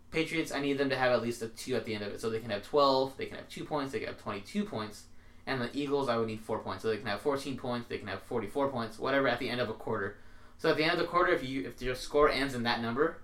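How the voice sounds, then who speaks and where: A man co-hosting a podcast, chatting casually and telling animated stories with plenty of swearing. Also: mid-range voice, quick pace. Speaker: podcast co-host. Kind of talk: casual chat.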